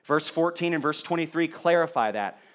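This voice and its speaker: A man's voice: a little high, lively intonation, a little fast. A male pastor preaching a sermon in a conversational way, asking the congregation rhetorical questions.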